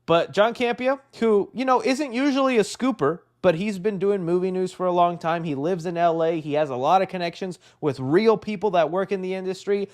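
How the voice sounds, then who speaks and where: A young man hosting a live stream, rambling and excitable, saying "dude" often and laughing a lot. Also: high-pitched, brisk, hardly any pauses. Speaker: livestream host. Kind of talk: casual live-stream chat.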